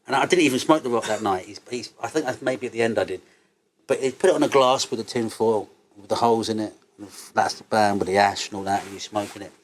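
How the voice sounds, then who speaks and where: A man, an interview guest telling stories in a loose, sweary, animated way and laughing as he goes. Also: lowish voice, a little hiss or hum. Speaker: interview guest, cannabis entrepreneur. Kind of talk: casual interview storytelling.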